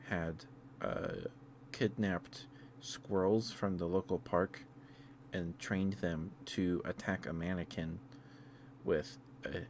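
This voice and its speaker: A man's voice: low-pitched, slight background noise. A young man chatting as an ASMR streamer, rambling with frequent laughs and restarts. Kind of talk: soft-spoken ASMR live stream chat.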